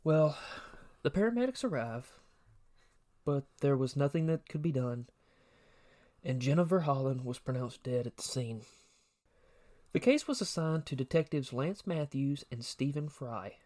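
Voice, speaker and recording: A man's voice: mid-range voice, lively intonation, measured pace, long pauses, mellow. Man narrating a true crime case. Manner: reads a prepared case summary, with asides. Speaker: podcast co-host.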